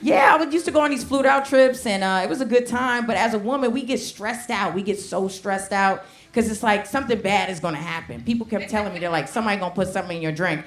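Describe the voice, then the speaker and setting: A woman's voice: fairly high pitch, a little fast, hardly any pauses. A woman, performing a brash, conversational stand-up set and talking straight to the crowd on a handheld mic. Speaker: stand-up comedian. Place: comedy club stage with a laughing audience. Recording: live club recording with clear background noise.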